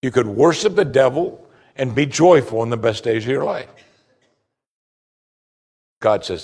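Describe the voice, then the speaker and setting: A man preaching a sermon, emphatic and animated, asking rhetorical questions. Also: mid-range voice, moderate pace, pauses often. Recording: long hall reverb.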